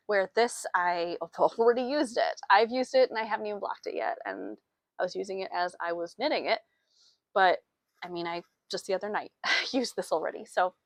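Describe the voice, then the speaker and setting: A woman's voice: mid-range voice, no room sound. A woman hosting a knitting podcast, chatting casually and a bit out of breath, often laughing at herself. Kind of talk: casual chat. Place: small farm with sheep.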